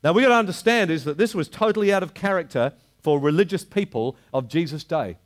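Older man, preacher, lively sermon delivery, drawn-out emphasis on scripture. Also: on the high side. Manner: animated preaching, slowing for emphasis on quoted verses. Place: church hall before a live congregation.

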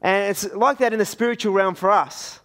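A man's voice: high voice, normal speed, fairly bright tone. A man with an Australian accent preaching a sermon in a conversational, storytelling way.

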